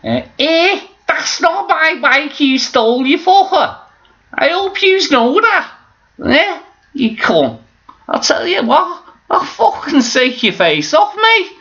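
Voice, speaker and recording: A shrill, loud, foul-mouthed thug who threatens anyone in reach. with a voice pitched far above his own. The sound is muffled and lo-fi. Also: sing-song, a little fast, few pauses, exaggerated voice. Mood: furious. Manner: swearing, threatening. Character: rough, aggressive bloke threatening a bike thief. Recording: dull lo-fi recording.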